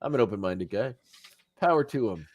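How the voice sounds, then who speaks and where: A man hosting a casual podcast, recapping an animated episode as an animated storyteller who acts out quotes and chuckles as he goes. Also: on the low side, fairly quick, highs cut off. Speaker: podcast host.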